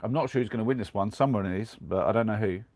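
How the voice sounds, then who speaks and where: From his camper van, a young man with a cold rambles fast on a casual live stream, reading out viewer comments in a fairly low, darkish voice. There's no echo on the recording.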